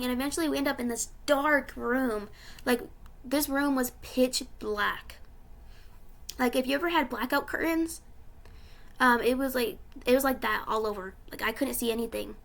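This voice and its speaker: A woman's voice: high voice, creaky, a bit bright. A young woman vlogger telling about a dream in a casual, rambling way, full of fillers, tearful and emotional.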